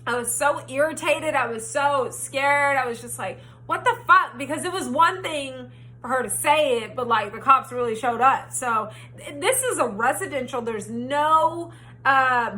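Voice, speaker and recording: A high, bright young woman recounts a story in casual, animated storytime style. She swears freely and acts out her own past lines, close to the mic. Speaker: storytime vlogger.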